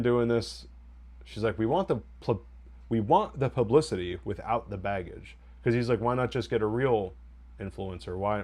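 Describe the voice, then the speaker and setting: A man hosting a TV review podcast, recapping an episode in a rambling, wry way and quoting scenes in mock voices. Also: on the low side. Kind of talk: casual spoiler recap and review.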